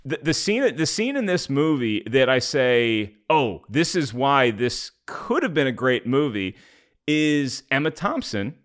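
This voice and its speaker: A man co-hosts a casual movie review podcast, talking at a mid pitch. He tells stories in a wry, rambling way and often stumbles into restarts. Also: very animated, measured pace, a bit bright. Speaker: podcast co-host.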